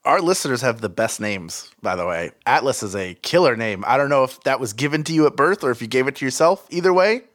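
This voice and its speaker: A man co-hosting a podcast, reading listener mail aloud and joking around with animated, swearing banter. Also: mid-range voice, fast talker, few pauses. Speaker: podcast co-host.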